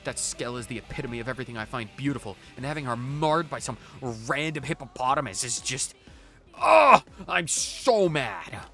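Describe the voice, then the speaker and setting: A man voicing a hot-headed young male mech pilot who rants loudly in exasperation, reading game dialogue aloud. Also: mid-range voice, fast, hardly any pauses, faint music behind, close to an everyday voice. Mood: furious. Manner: exasperated, loud ranting.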